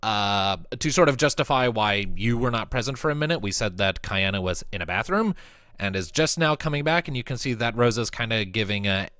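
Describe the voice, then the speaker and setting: A man's voice: on the low side, animated, fairly quick, pushed and bright, smooth, no room sound, studio quality. A man as game master, recapping the scene in a casual, filler-heavy way. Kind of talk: narrating a tabletop game.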